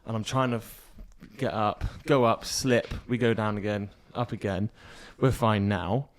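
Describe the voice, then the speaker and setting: A man's voice: on the low side, a little slow. Man telling a rambling story. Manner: animated, rambling anecdote-telling with acted-out quotes. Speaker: podcast co-host. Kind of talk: casual storytelling chat.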